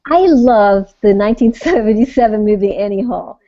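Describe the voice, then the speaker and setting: A woman on a writing panel, talking in an animated, teacherly and playful way. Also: mid-range voice, moderate pace, highs cut off. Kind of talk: casual panel talk.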